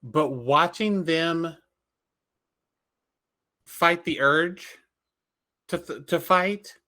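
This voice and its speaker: Higher bright voiced guy on a podcast, animated, swears a lot about wrestling. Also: drawn-out words. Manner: animated and opinionated, swears freely. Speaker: podcast co-host. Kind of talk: casual wrestling recap chat.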